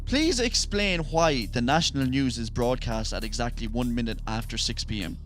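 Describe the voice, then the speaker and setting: A man's voice: mid-range voice, expressive, normal speed, fairly bright tone, soft background music. An Irish man co-hosting a casual podcast, teasing his friend with a playful quiz. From Ireland. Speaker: podcast co-host. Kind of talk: casual chat.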